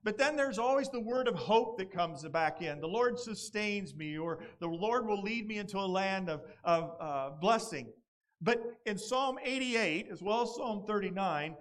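A man's voice: high-pitched, expressive, unhurried, a bit bright. A male pastor, preaching a sermon in an earnest, conversational way and reading scripture dramatically.

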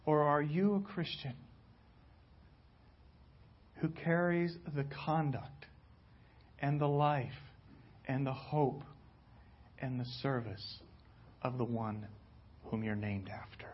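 A male pastor giving a sermon, telling stories dramatically and slowly. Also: on the high side, slightly rough. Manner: dramatic storytelling, slow and deliberate. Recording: dull lo-fi recording.

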